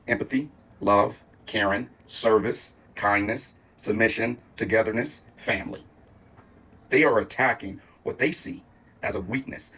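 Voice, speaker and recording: Man with a husky voice, earnest and measured commentary. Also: on the low side, fairly bright tone. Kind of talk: social media commentary.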